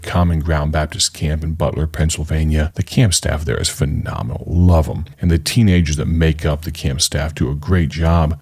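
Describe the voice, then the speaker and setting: A man's voice: rumbling low, a little mellow. A male evangelist hosting a radio ministry broadcast, telling a story in an earnest, conversational way.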